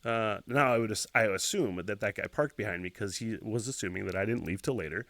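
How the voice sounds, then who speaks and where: A man hosting a podcast and telling a story, swearing freely and acting out loud noises. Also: lowish voice, fast talker, no echo. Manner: profane, expressive retelling with loud sound effects. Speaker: podcast host.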